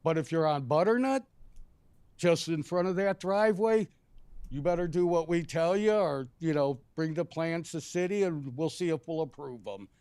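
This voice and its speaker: A man's voice: on the high side, normal speed, a little mellow, clean tone, dry recording. A man resident speaking bluntly and indignantly during public comment at a city commission meeting. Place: city council chamber.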